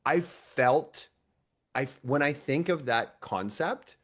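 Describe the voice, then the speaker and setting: Lively-voiced male podcast host. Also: mid-range voice, slow pace. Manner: animated, playfully acts out imagined dialogue; frequent restarts and laughter. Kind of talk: casual conversational interview.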